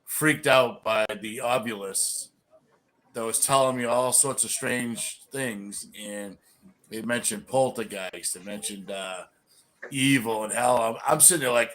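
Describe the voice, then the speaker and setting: A man's voice: medium pitch, unhurried, a bit bright, rough recording. A man telling a story in casual chat, nervous and stammering as he recounts it. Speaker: guest.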